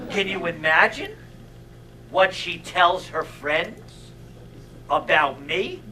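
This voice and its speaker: A middle-aged male stand-up comedian who tells jokes on stage in a wry, deadpan way, leaving long pauses for laughs. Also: sits high, low-quality recording. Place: theater stage.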